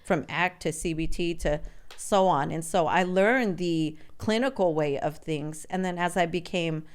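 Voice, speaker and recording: This podcast guest, a California woman in her forties, has a clear, resonant voice on the low side. She shares her life story with sincerity and candor, restarting her sentences haltingly at times.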